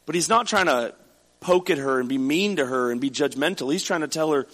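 Male pastor, slightly high voice, conversational sermon with scripture reading, long hall reverb. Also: fairly quick, fairly bright tone. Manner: reads scripture then explains it conversationally.

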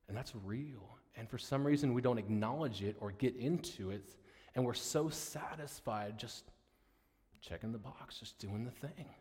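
A man's voice: mid-range voice, lively intonation, normal speed. Impassioned preacher man, echoey hall. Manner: impassioned, swinging from loud declarations to hushed storytelling. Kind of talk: sermon.

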